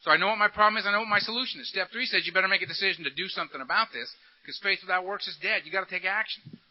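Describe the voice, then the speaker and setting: High-voiced, punchy recovery speaker, man. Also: rapid-fire. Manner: animated, joking, punchy storytelling. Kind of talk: recovery talk with humor. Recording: dull lo-fi recording.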